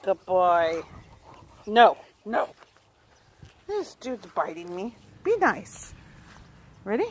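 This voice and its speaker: A woman's voice: mid-range voice, very animated, very slow, long pauses, slightly rough. A woman filming her puppy outdoors, coaxing and praising him in a sing-song voice. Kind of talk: casual talk to a dog.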